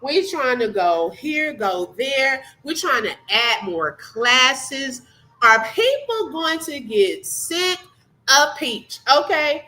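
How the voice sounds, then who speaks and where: A woman's voice: high-pitched, sing-song, slow, sharp tone, poor audio. A woman hosting a live reaction stream, chatting casually and thanking viewers by name. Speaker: livestream host.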